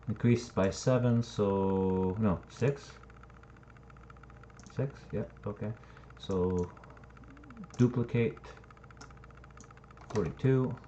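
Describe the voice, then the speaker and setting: Deep-voiced man rambling while building. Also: dark tone. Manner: rambling, thinking aloud, swears casually. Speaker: game map builder. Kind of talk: casual screen-recording commentary. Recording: dull lo-fi mic with faint noise and typing.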